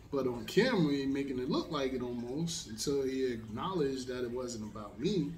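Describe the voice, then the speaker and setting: A man's voice: mid-range voice, lively intonation, moderate pace, a little mellow, roomy sound, distant mic, a little hiss or hum. A man telling a long story in a casual, rambling way, with many fillers. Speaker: host.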